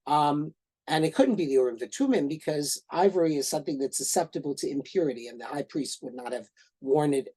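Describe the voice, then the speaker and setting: A man's voice: fairly high pitch, fairly quick, breathy edge, low-quality recording. A middle-aged man giving an informal lecture as a professor, telling stories with lots of fillers, restarts and tag questions. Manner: animated, many fillers and restarts, asks "right?".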